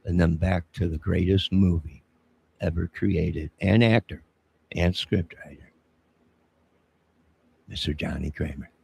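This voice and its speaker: Gravelly deep-voiced man, preachy and indignant. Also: a little mellow. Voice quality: gravelly husky voice. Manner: indignant, preachy, confrontational, keeps saying 'sir'. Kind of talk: rambling live-stream monologue.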